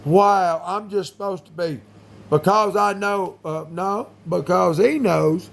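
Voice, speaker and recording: Gravelly man rambling with sudden bursts. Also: high-pitched, takes it slowly. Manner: rambling, many fillers, sudden loud bursts. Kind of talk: rambling monologue.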